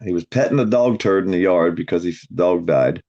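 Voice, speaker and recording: A man's voice: low voice, a little fast, mellow, dull audio. A man ranting bluntly on a casual livestream, swearing heavily and mocking people. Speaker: livestream host. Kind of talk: profane casual livestream chat.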